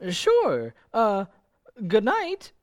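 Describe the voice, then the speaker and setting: Dagwood a flustered stammering husband. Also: male voice, sits high, huge pitch swings, extremely slow, exaggerated voice. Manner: nervous, stammering with many uhs. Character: flustered, bumbling young husband. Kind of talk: 1940s radio acting.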